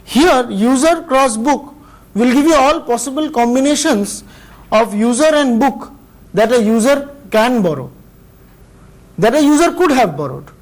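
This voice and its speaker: A man with an Indian English accent giving a measured university lecture, explaining step by step with pauses between phrases. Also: very high-pitched, expressive, low-quality recording. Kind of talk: recorded classroom lecture.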